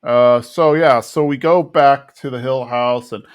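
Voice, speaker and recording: A man's voice: medium pitch, a little slow, smooth. A man co-hosting a podcast, casually recapping an episode and now and then mimicking the characters. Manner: retells scenes, briefly mimicking characters. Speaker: podcast co-host.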